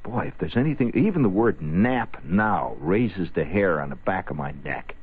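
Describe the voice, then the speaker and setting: Husky, sardonic male radio storyteller. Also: low-pitched, moderate pace. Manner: rambling, sardonic, animated. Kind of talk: comic storytelling monologue. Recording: tinny phone-like old radio audio.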